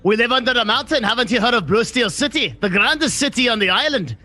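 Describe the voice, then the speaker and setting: A cocky dwarf adventurer, as a man plays him who needles the guards with cheeky jabs. His voice is high and sharp, and a bright edge rides over faint music. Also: expressive, quick pace, exaggerated voice. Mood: proud. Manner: mocking, cheeky.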